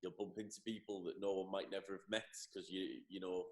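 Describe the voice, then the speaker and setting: A man's voice: sits low, flat delivery, fairly quick. A man hosting a podcast, asking long, rambling questions with restarts. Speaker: podcast host. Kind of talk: interview questions. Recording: roomy with faint music.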